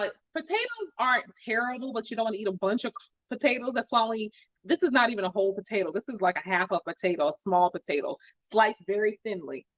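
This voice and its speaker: The audio is dull, and the host's voice sits a little high. Cooking live with a faded New Jersey accent, she keeps up upbeat chatter with her audience and responds to their comments.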